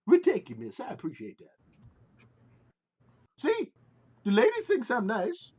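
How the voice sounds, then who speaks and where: A man voicing a cranky older male explosives handler, complaining in a gruff drawl. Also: very high voice, wildly swooping pitch, unhurried, darkish tone, voice pushed up, full character voice. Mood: pleased.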